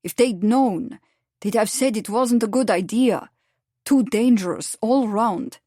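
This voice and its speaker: A man's voice: sits high, a little slow, a little mellow, dry recording, studio quality. A woman voicing an earnest, apologetic Russian anarchist man with a Slavic accent in an audiobook.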